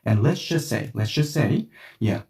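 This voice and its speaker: A man's voice: lowish voice, lively intonation, a little slow, gravelly, a little mellow, recorded from a distance. A man teaching a language lesson, explaining points through made-up everyday scenarios in a conversational way. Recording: roomy echo, voice set back from the mic.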